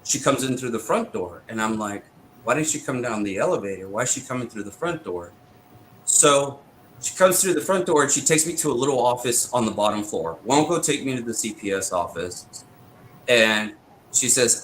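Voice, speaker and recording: A man's voice: medium pitch, expressive, a bit bright, a little hiss or hum, low-quality recording. A man, a veteran guest on an interview show, telling his own story and quoting the back-and-forth of past arguments in an indignant, insistent way. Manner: retells exchanges with quick back-and-forth quotes. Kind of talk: first-person storytelling.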